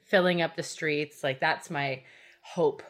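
Low-voiced woman, easy agreeable chat. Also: fairly even intonation, unhurried, a bit bright. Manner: agreeable, frequent affirmations. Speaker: podcast co-host. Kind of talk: casual chat.

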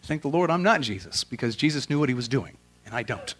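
A man acting as a pastor delivers a casual, slangy sermon, shifting between loud, emphatic questions and quiet, heartfelt prayer. His pitch is medium and his delivery animated and fast, with a breathy edge.

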